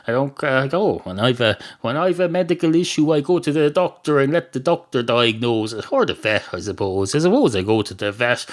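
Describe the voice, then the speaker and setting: A man's voice: medium pitch, natural voice. An Irish man doing a rambling talking cat. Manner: meandering, hesitant, full of fillers and restarts. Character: rambling talking male cat, pedantic and scheming.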